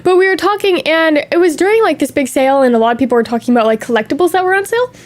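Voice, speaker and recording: Young woman streamer just chatting, high voice, animated and gaspy. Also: very fast. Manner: chatty, animated storytelling with gasps and laughs. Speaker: VTuber streamer. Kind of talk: casual chat.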